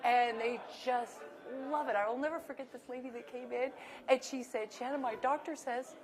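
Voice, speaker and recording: A woman who serves at a winery tasting bar, telling lively stories and acting out her customers' voices. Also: on the high side, normal speed, crowd noise. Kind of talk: anecdotal storytelling.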